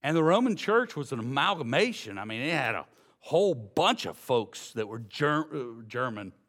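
A man preaching a sermon, folksy and direct with the congregation, swinging from low, quiet passages to loud emphasis. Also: very animated, moderate pace. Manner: folksy, addresses congregation as y'all. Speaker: pastor.

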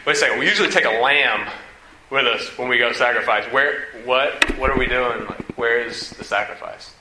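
A man's voice: mid-range voice, normal speed, roomy sound, noisy background, close to an everyday voice. A man voicing young Isaac as a bewildered youth who mumbles, then shrieks in panic, within a sermon. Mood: puzzled mumble.

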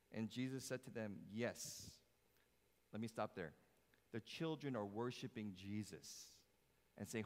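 In a reverberant church sanctuary, a man preaches with lots of energy, alternating booming emphasis with quiet, low lines. He jokes and asks the congregation questions as the long hall echo trails behind his words.

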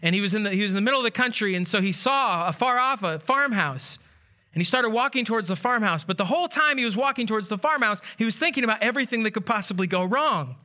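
Bright, high-voiced preaching man. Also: fast. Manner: storytelling with animated quoted voices. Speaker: pastor. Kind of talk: sermon.

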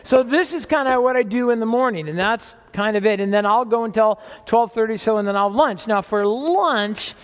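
A man's voice: sits high, moderate pace, hardly any pauses, smooth, big-room sound. A man preaching a sermon as pastor, chatty and self-mocking, with joking asides. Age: older. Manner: conversational, self-deprecating humor.

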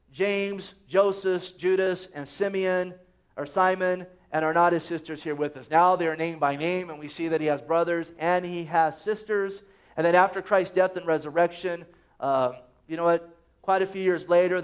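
Male pastor, easygoing joking sermon delivery, reads verses aloud, voice pitched a bit high. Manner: conversational and joking, quotes scripture often.

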